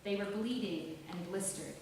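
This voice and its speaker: A woman giving a measured, deliberate literary reading of a novel. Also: medium pitch, darkish tone. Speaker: author reading her novel. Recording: roomy, distant, faint hiss.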